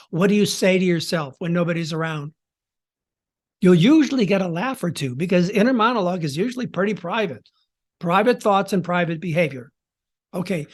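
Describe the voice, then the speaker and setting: Sitting high in pitch, a male storytelling coach runs a podcast. He instructs with theatrical flair, pausing dramatically and varying his tempo and volume.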